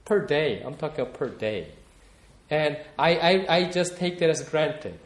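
A man's voice: on the high side, animated, unhurried, roomy sound. A man preaching a sermon, talking in a reflective, personal way and often repeating words as he searches for them. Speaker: pastor.

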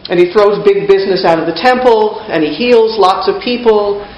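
A woman's voice: mid-range voice, normal speed, darkish tone. A woman preacher giving a casual, conversational sermon in a wry tone, often restarting her phrases. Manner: casual, wry, repeats herself. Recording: dull, roomy church recording.

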